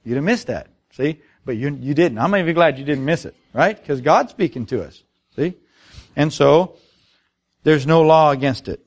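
A man's voice: a little high, animated, normal speed. A middle-aged man preaching a sermon, telling stories and asking the congregation rhetorical questions. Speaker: pastor.

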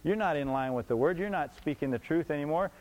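A man's voice: fairly high pitch, lively intonation, fast, darkish tone, rough recording. A man preaching a sermon emphatically, repeating his points and asking the congregation rhetorical questions.

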